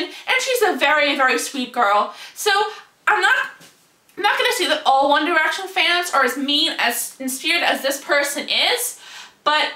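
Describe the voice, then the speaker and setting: High, bright-voiced young woman ranting. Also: roomy sound. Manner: indignant and heated, with rhetorical questions. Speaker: vlogger. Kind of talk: ranting video monologue.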